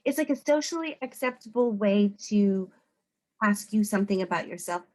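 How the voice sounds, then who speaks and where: A woman psychologist from the United States giving an informal talk to students, conversational and animated, often acting out other people's voices. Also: medium pitch, normal speed, rough recording.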